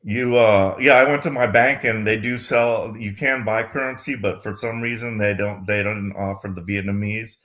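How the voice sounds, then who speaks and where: A man's voice: fairly low pitch, fairly even intonation, normal speed, hardly any pauses, a bit bright. A man calling in to a live Q&A, talking casually and rambling with lots of fillers. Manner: rambling, many fillers like "like" and "you know". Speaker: caller. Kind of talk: casual chat.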